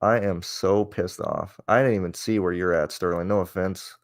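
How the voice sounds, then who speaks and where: Low-voiced man venting on a stream. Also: steady tone, normal speed. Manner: rambling and profane, with many restarts; frustrated and venting. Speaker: host. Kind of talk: casual livestream chat.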